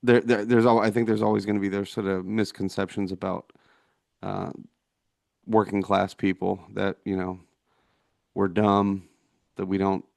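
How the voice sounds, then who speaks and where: Low, flat-voiced man talking haltingly. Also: vocal fry, no room sound, studio quality. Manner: halting, many fillers and restarts. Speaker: podcast co-host. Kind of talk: casual discussion.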